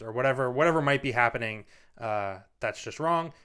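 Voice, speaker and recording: A man's voice: mid-range voice, animated, fairly quick, a bit bright, clean tone. A man hosting a parenting talk, giving casual advice in an earnest, rambling way full of "you know"s, standing at a studio microphone. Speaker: parenting video host. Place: standing in front of a mic.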